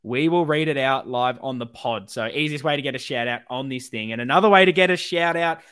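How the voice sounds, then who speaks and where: A man's voice: mid-range voice, fairly quick, a bit bright, clean tone, no echo, studio quality. A man with an Australian accent co-hosting a casual fan podcast, rallying supporters and plugging the show with enthusiasm. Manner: enthusiastic, rallying, plugs socials. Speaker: podcast co-host.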